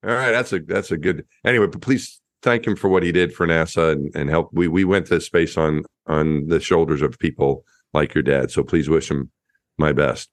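Deep-voiced man telling a story. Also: moderate pace, no echo, studio quality. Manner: lively anecdotal storyteller with frequent restarts. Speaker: astronaut guest. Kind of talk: storytelling interview.

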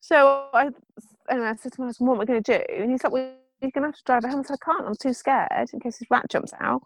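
A woman in casual chat, telling a funny story with lively acted-out quotes. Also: high voice, fast, over music. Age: adult. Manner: animated storytelling, acting out quotes.

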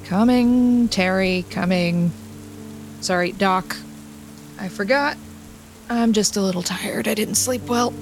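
A woman's voice: mid-range voice, slow, long pauses, faint music behind. A woman playing a tired but eager young reporter who stammers.

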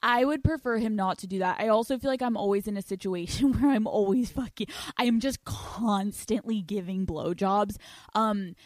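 A woman's voice: medium pitch, moderate pace, darkish tone, no echo. A woman hosting a frank podcast about sex in a casual, joking way, blunt and swearing often. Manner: blunt, heavily profane, joking. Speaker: podcast host.

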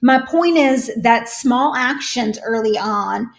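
Higher-pitched woman telling a heartfelt story. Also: takes it slowly, vocal fry. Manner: earnest, emotional personal storytelling. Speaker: podcast guest. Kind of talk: candid conversational interview.

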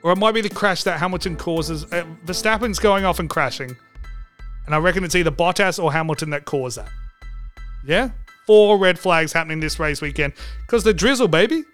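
A man's voice: a little high, brisk, a bit bright, faint music behind. A man hosting a comedic podcast, joking and swearing for laughs. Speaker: podcast host.

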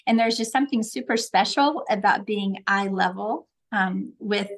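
A middle-aged woman, a parenting coach, talking in a podcast interview and telling stories with acted-out quotes. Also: moderate pace. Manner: animated storyteller, acts out quotes with big pitch jumps.

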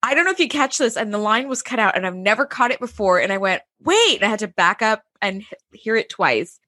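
A young woman co-hosting a casual chat, animated and quick to laugh, leaping up in pitch whenever she quotes someone. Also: no room sound. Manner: animated, laughs often, jumps high in pitch when quoting. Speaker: podcast co-host.

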